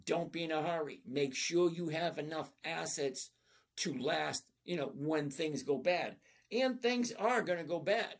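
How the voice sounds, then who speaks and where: This is a middle-aged man's voice, on the high side with vocal fry, speaking at a measured pace. He hosts a live stream and responds to viewers' trading questions bluntly and folksily, keeping it casual and frequently checking "okay?"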